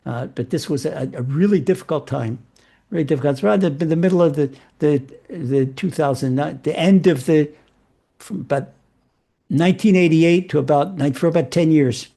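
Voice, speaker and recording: A rabbi telling stories in a lecture to a live audience, animated and often repeating and restarting his words. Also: fairly high pitch, moderate pace, gravelly. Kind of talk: storytelling Torah lecture.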